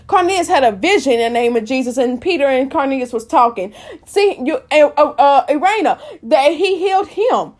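High-voiced woman preaching with passion. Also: expressive, normal speed. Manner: impassioned, repetitive, swings between loud and soft. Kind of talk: informal sermon.

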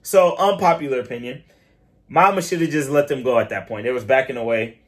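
A podcast co-host from Michigan chats casually in a brisk, mid-range voice. He tells stories with animation, acting out quoted voices along the way.

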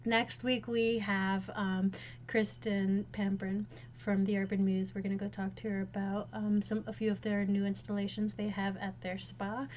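A woman's voice: mid-range voice, level tone, moderate pace, darkish tone, slight background noise. A woman co-hosting a podcast, chatting casually and laughing often. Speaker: podcast co-host. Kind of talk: casual chat.

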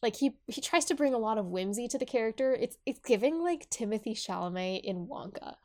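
A woman's voice: a little high, animated, fairly quick, darkish tone. A young woman co-hosting a casual podcast talks through a book and its series. Her speech is loose and chatty, full of "like" and half-started sentences. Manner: chatty, many fillers and restarts. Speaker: podcast co-host.

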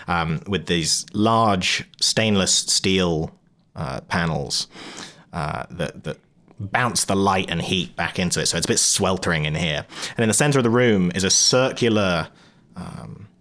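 A man narrating a tabletop game as game master, halting and full of ums as he describes the scene. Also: low-pitched, a bit bright.

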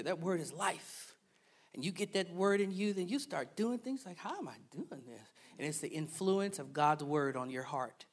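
A male pastor preaching a sermon, animated, swinging from loud preaching to soft, playful asides. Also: sits high.

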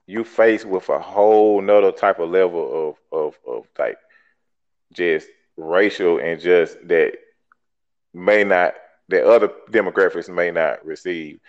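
A talk show host, arguing emphatically and bluntly, swearing and repeating himself to make his point. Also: low voice. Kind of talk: heated call-in debate. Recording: dull lo-fi podcast audio.

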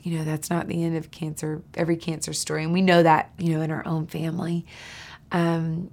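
A woman guest sharing heartfelt stories in casual conversation, earnest, sometimes dropping to a soft whisper for emphasis. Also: sits low, monotone, brisk, creaky. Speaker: podcast guest.

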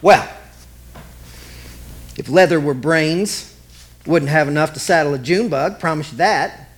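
A man's voice: fairly high pitch, natural voice. A man quoting a folksy old woman. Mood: fond. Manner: homespun sayings, slow and tender. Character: folksy old woman, gently joking and comforting.

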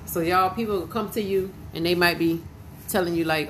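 A woman's voice: on the low side, fairly even intonation, fairly quick, slight background noise, rough recording. A woman preaching an informal podcast sermon, fervent and emotional, repeating her praise.

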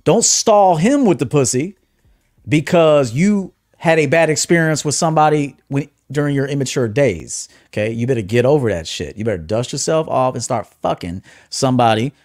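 A man hosting a livestream as a dating coach, talking bluntly, swinging from low muttered asides to loud emphatic bursts. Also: expressive, moderate pace, no echo, studio quality. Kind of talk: casual livestream monologue.

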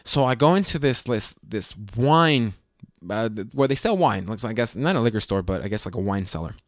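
Young male podcast host, crude self-mocking storyteller, mid-pitched, dry close sound. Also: a little fast, dry recording. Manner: profane, animated, self-mocking. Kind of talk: casual comedic storytelling.

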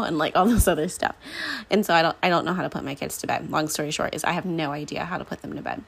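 A woman in her thirties chats through a family story on her own podcast. Her voice sits low and a little husky, and she acts out the back-and-forth as she goes. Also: fast. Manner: chatty, animated storytelling with quoted asides. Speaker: podcast host. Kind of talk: casual solo podcast chat.

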